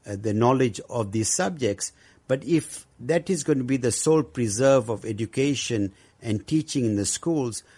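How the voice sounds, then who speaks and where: A man speaking as a guest about education, earnest and measured, with frequent pauses. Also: mid-range voice, a little mellow. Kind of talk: discussion on education.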